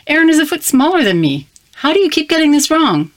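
A teasing young creature girl from a storybook, wry and a little impatient, voiced by a woman reading aloud. Her voice sits low. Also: expressive, moderate pace, a bit bright.

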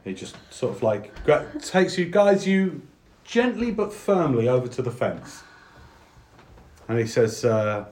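A man's voice: mid-range voice, very animated, unhurried, a little mellow, reverberant. A man narrating as game master for a tabletop game, talking with frequent fillers and restarts. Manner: hesitant, many fillers and restarts.

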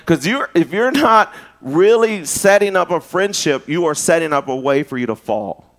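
Animated joking male preacher. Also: a little high, moderate pace. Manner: animated, joking, talks straight to the audience. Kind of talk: casual storytelling sermon.

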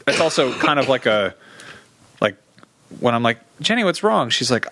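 A man's voice: mid-range voice, normal speed, noisy background. A man co-hosting a comedy podcast, telling stories with profane asides in casual chat. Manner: lively storytelling, profane jokes. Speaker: podcast co-host.

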